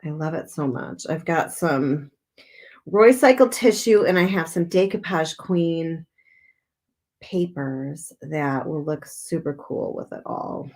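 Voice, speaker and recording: A cheerful, chatty woman talks through a craft project on a live stream, thanking viewers by name and laughing easily. Her voice sits a little low for a woman, and her talk is relaxed, home-made and friendly. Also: slow. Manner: bubbly, chatty, reads viewer comments aloud, laughs often. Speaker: mixed media artist hosting a live craft stream. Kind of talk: casual live-stream chat while crafting.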